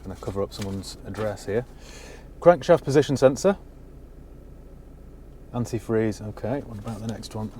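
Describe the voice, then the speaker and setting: A man's voice: lowish voice, moderate pace, long pauses, warm tone, slight background noise. A man giving a casual, dry-humoured walkaround of a used car he has bought, talking from inside the parked car on a cold day. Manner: dry, wry asides.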